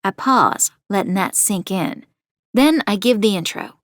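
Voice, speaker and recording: A woman's voice: medium pitch, animated, no room sound, studio quality, natural voice. A woman voicing a determined true-crime podcaster. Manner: measured, confiding storytelling. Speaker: narrator. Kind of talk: first-person audio drama narration.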